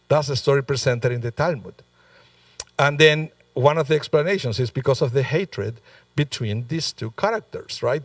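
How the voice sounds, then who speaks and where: A man's voice: mid-range voice, no room sound, recorded from a distance. A male rabbi delivering a sermon in a conversational, storytelling way, with frequent asides to the congregation. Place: synagogue sanctuary.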